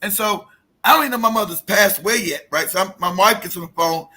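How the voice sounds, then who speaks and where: High-voiced husky man telling a story. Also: fast talker, bright, forceful tone. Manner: profane, emphatic, many restarts. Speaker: guest telling a personal story. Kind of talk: emotional casual storytelling.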